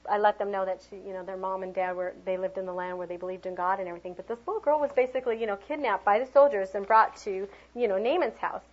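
A middle-aged preschool teacher leads a training workshop, speaking fast in a medium-pitched voice with hardly any pauses. She animatedly demonstrates by acting out children's cheers, reactions, sounds, and voices, though the recording is muffled.

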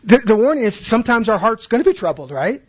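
A man's voice: high voice, big pitch swings, quick pace, husky, muffled recording. A man training Bible teachers in a conversational way, asking questions and acting out classroom exchanges.

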